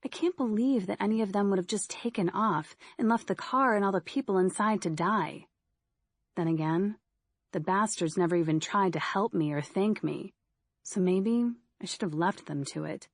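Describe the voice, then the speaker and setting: A woman narrating a first-person horror audiobook in a steady, measured storytelling manner. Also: medium pitch, dry recording, studio quality.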